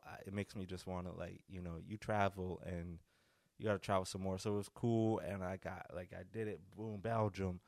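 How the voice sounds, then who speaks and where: A man's voice: low voice, dry recording, studio quality. A young man hosting a casual solo podcast, rambling loosely with lots of fillers and restarts. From North America. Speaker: podcast host.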